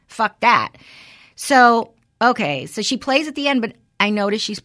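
A woman's voice: on the high side, very animated, unhurried, a bit bright. A middle-aged woman hosting a podcast, chatting candidly and venting with frustration, swearing freely. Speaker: podcast host. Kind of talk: casual chat.

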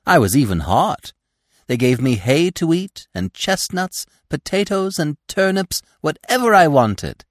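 A man's voice: a little high, big pitch swings, measured pace, no echo, clean studio sound, voice pushed up. A man voicing a proud, boastful young deer boasting of his winter among people. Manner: boastful, superior.

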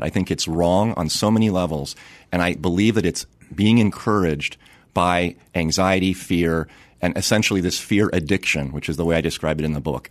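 Male interview guest, forties, very low voice, measured and earnest, dry studio sound. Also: dry recording. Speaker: guest psychiatrist and author. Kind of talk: interview conversation.

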